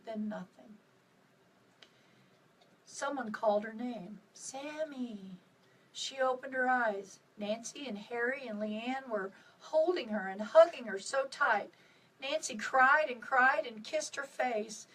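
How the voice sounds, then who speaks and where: A woman author reading her own novel aloud on a live stream, with expressive dips and rises. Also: fairly high pitch, measured pace, distant mic, low-quality recording. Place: at home on a live video stream.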